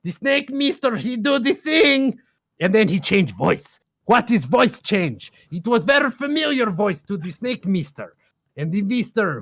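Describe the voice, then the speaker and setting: A man's voice: high voice, vocal fry, a bit bright, no echo, clean studio sound. A man casually recapping a game plot on a stream, rambling in broken grammar with lots of fillers and laughs.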